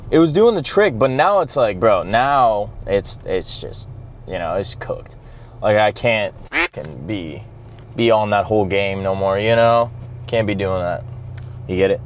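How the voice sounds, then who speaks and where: A man's voice: fairly low pitch, animated, unhurried, slight background noise. A young man chatting casually in a car vlog, blunt and rambling, full of swearing and "bro". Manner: blunt, profane, rambling, says bro a lot. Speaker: vlogger. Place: in a car, driving.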